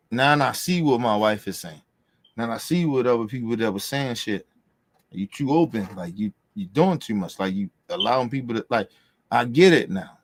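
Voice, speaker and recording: This podcast host's voice is medium in pitch, recorded with no room sound. He rants casually, heatedly and profanely, saying things again for emphasis.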